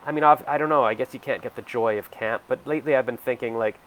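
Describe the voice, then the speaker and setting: This vlogger, a man in his forties, talks quickly in a medium-pitched, fairly bright voice while filming himself at home. The monologue is casual and introspective, drifting along hesitantly with many fillers.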